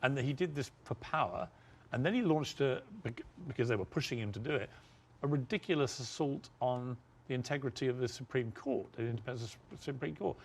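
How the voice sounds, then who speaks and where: A man hosting an interview, stating firm opinions in a measured, assertive way. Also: medium pitch, a little mellow, a little hiss or hum. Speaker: host. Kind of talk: interview debate.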